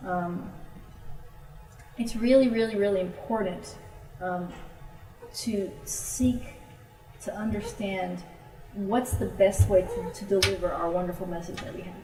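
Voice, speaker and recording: A woman's voice: medium pitch, measured pace, long pauses, music in the background. Woman telling stories to a church group. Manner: storytelling, animated when quoting friends. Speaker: missionary speaker. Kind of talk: informal talk to a church group. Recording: roomy, from a distance.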